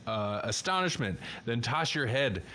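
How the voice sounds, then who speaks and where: Man reading aloud haltingly. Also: medium pitch, very animated, bright, forceful tone, a little hiss or hum. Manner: halting read-aloud with restarts. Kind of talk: reading a choose-your-own-adventure aloud.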